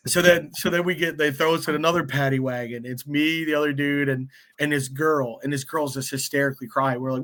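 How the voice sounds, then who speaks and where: A man's voice: fairly high pitch, fairly even intonation, normal speed, a bit bright. Rambling, profane young guy telling a story. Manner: rambling, profane, lots of "like" and "dude". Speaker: guest. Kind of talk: casual storytelling chat.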